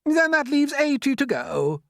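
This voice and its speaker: A shrill, squawking storybook centipede, a boastful rascal who bosses everyone about and cackles at his own jokes. The voice swoops high and loud, drawn out in slow, gloating phrases, recorded close and dry. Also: very animated, vocal fry, no echo, exaggerated voice. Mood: bossy.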